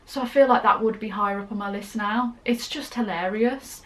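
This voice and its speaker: A woman's voice: mid-range voice, fairly quick. A young woman answering fan questions in a casual vlog, chatty and gushing, rambling off on tangents. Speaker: YouTuber.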